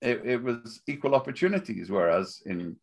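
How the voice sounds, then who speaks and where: An older man with a Liverpool accent, chatting as a guest in a relaxed interview, wry and rambling, often laughing at his own jokes. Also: medium pitch, normal speed, gravelly. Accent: Liverpool (Scouse). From Liverpool, England.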